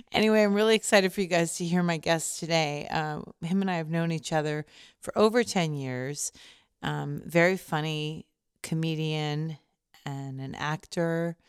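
A woman's voice: low-pitched, clean tone, dry recording, studio quality. A woman hosting a podcast in casual chat, chatty and self-deprecating, with loose filler words and swearing. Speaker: podcast host.

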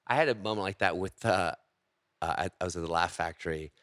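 A man, a stand-up comedian, telling stories in casual podcast chat, with a slight gravel from a cold and a profane, animated manner. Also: deep voice, fast talker, no echo, clean studio sound.

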